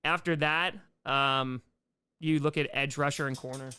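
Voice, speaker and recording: Smooth-voiced man telling a rambling story. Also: mid-range voice, a little slow. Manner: rambling, excitable retelling with quoted asides. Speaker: comedy streamer and host. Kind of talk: casual storytelling on a live Q&A stream.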